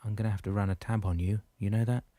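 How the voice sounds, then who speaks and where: Joking young man, as a male narrator voices him, relaxed manner, dry recording. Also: fairly low pitch, quick pace, dry recording, lightly acted. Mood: easygoing. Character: easygoing teasing friend, young man.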